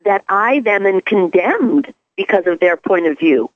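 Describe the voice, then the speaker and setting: A woman with a New York accent talks things through in a musing way, posing questions to herself as she goes. Her voice sits at a middling pitch. It comes over a thin, phone-like line with no room sound. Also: lively intonation, a little slow, no echo. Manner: reflective, asks rhetorical questions. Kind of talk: casual chat.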